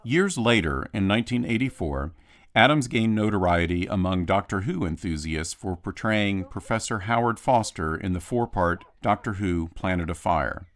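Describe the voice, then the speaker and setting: A man's voice: deep voice, expressive. Man reading a film history commentary. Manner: measured storytelling, lightly acting out quotes.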